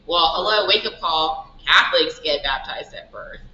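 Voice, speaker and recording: A woman who owns a shop, telling stories in a casual interview and acting out the dialogue in lively quoted asides. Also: low voice, moderate pace, slight background noise. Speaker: shop owner guest. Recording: roomy, dull lo-fi sound.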